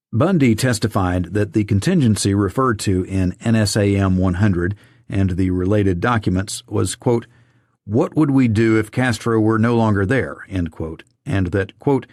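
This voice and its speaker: Low-voiced man reading a government report. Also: a little mellow, no echo, studio quality. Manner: measured, reads quotes and footnotes aloud. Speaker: audiobook narrator.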